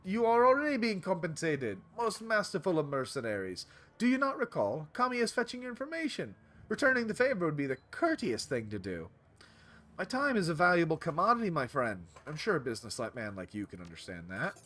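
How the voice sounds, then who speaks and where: A scheming middle-aged coffee shop owner, all flattery and excessive courtesy, as a man puts him on. His pitch swoops lively up and down as he coaxes. It plays as character dialogue in a video game. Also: fairly quick. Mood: smooth. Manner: courteous, flattering, overly polite.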